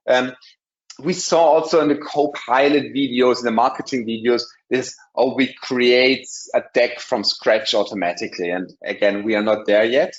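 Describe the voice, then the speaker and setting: A man with a German accent giving a live software demo in a webinar, talking casually with many ums and restarts. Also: mid-range voice, moderate pace, highs cut off. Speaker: webinar presenter.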